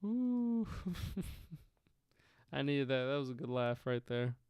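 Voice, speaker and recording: A man's voice: medium pitch, flat delivery, brisk, smooth, no room sound, clean studio sound. A young man hosting a casual sports livestream, talking loosely, laughing, swearing and trailing off. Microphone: headphones on, close mic.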